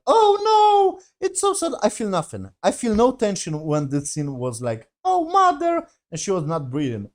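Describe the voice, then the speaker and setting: A man's voice: on the high side, dark tone. A man giving a casual spoken review of a TV series. He rambles, swears constantly, sounds exasperated, and speaks English with non-native grammar.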